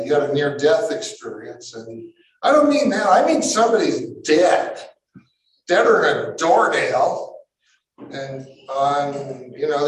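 A man preaching a sermon to a live audience, emphatic and bursting into shouts, with musing asides. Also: medium pitch. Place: large room with a live audience. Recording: echoey hall, mic far off.

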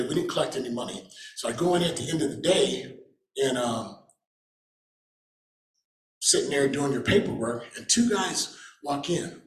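A man giving a casual personal faith testimony, chuckling now and then and acting out what other people said. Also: medium pitch. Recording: roomy echo.

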